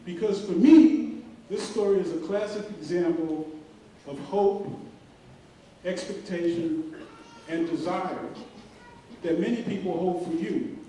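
A middle-aged man giving a graduation speech in a large hall, telling a story earnestly with many pauses and fillers. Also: high voice, warm tone. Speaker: commencement speaker. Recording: very echoey hall, voice from far off, faint hiss.

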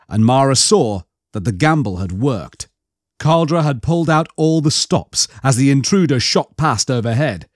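A man's voice: mid-range voice, dry recording. Man narrating an audiobook, dry close sound.

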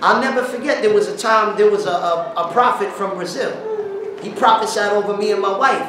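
A man preaching an informal sermon, telling stories in slangy talk, breaking into song and shouts as he retells them. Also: high voice, a little fast, very noisy. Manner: animated, bursts into song and shouts while retelling. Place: church hall. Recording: very echoey hall, mic at a distance.

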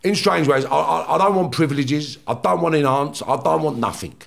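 A fairly high, gravelly male voice belongs to a London man who once served time. Telling heated stories for a podcast, he is blunt and sweary, restarts quickly, and dramatizes confrontations.

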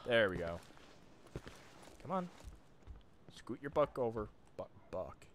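A man casually commenting on his own horror gameplay, muttering to himself with sudden loud outbursts. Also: on the low side, sing-song, slow, a little hiss or hum. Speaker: streamer playing a horror game.

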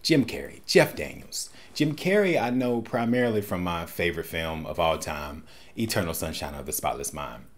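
A man's voice: sits low, moderate pace. A man hosting a first-time movie reaction, making jokey, wisecracking asides. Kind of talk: casual reaction commentary.

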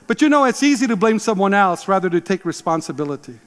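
Pastor, man in his 60s, emphatic sermon delivery, high voice, long hall reverb. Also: sing-song, fast talker, hardly any pauses. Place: church sanctuary.

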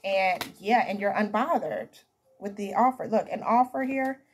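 A woman's voice: mid-range voice, measured pace, slightly rough. A woman giving a casual tarot reading to camera, chatty and emphatic, calling her viewers honey and baby. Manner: emphatic, repeats herself. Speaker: tarot reader.

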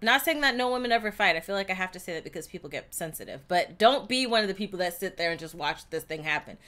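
A woman's voice: mid-range voice, lively intonation, fast talker. A woman giving casual, outspoken commentary while playing a story game. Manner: chatty, outspoken, reacting loudly to the story. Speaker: gameplay streamer. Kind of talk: casual let's-play commentary.

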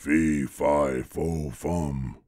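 A huge, menacing giant growls out his demands slowly, put on by an old man reading a fairy tale. The voice drops even lower than the reader's already deep tone. The sound is close and dry. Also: no echo, full character voice.

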